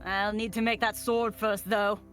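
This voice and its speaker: A woman voicing a blunt, gruff female dwarf smith in a live fan dub of a visual novel. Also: mid-range voice, flat delivery, moderate pace, a bit bright, soft background music, lightly acted. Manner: blunt, demanding.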